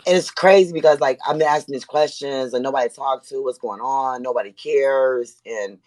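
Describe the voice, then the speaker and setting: A woman from Buffalo, New York, calling in to a heated debate, talking in halting, rambling runs full of fillers. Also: a bass voice, darkish tone, no room sound. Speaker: caller.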